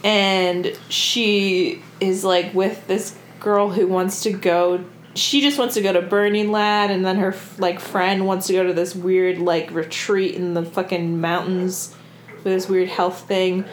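A woman's voice: medium pitch, steady tone, a little slow. A woman co-hosting a podcast, chatting casually about a book with lots of fillers and swearing. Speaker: podcast co-host. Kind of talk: casual book discussion chat. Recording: echoey room with faint background noise.

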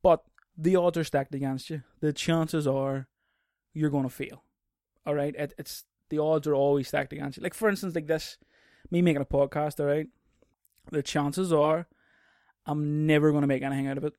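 A man hosting his own podcast alone, rambling and swearing constantly, bursting into loud mocking outbursts, recorded on a stand mic. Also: on the high side, flat delivery, moderate pace, no echo, clean studio sound. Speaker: podcast host. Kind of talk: casual solo podcast rant.

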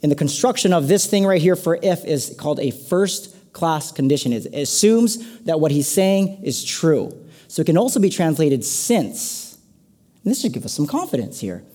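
A male pastor preaching to a congregation in a relaxed, conversational way. His voice is mellow and warm, and he slips playful asides into the sermon. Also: a little high, moderate pace.

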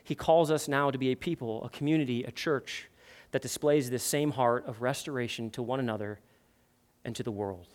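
A pastor preaching a sermon with passionate, emphatic repetition, then leading a prayer. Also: male voice, mid-range voice, a little fast.

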